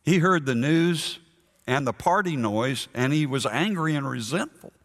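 A man preaching a sermon in a church, slow and earnest, stressing his points through repetition. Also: fairly high pitch, expressive, fairly bright tone, in a large hall. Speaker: pastor.

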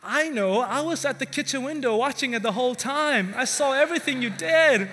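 A man playing a gentle, loving grandma. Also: very high voice, animated, a little fast, slight background noise, pitched above the performer's own voice, full character voice. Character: tender loving grandmother, older woman. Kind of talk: storytelling in a sermon. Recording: reverberant hall with faint music.

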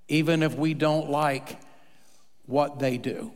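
A man's voice: a little high, slow pace, long reverb tail. A man preaching a sermon as pastor, telling stories and acting out the people in them. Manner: storytelling, animated, acts out quoted voices.

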